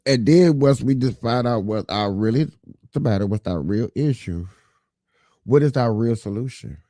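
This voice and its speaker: A man's voice: medium pitch, lively intonation, moderate pace, mellow, dry recording, clean studio sound. Earnest man talking politics on his livestream. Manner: earnest, repetitive, addresses viewers directly. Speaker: livestream host. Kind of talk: casual political livestream talk.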